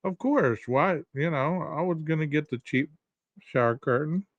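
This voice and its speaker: A man's voice: a little high, no room sound, muffled recording. Chatty, teasing man co-hosting. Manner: chatty, teasing, quick to laugh. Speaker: podcast co-host. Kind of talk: casual true-crime discussion.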